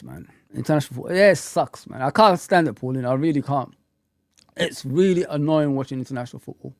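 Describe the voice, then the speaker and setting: A man hosting a casual livestream chat, talking in an animated, rambling, slangy way. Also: on the high side, vocal fry, dry recording, clean studio sound. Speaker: host.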